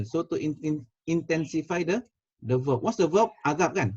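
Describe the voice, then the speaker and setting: A man with a Malaysian accent teaches a Quranic Arabic class over a video call, switching between Malay and English, repeating words and quizzing students. His slightly high, husky, darkish voice is animated and a little fast, and the audio is dull and lo-fi.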